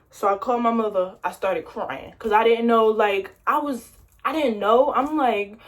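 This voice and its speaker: A young woman in a casual storytime vlog, talking with a slightly high voice. Her speech is slangy and conversational. She jumps into louder, higher bursts when she acts out the scene. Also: normal speed. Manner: animated retelling, quoting herself in louder, higher bursts. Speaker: vlogger.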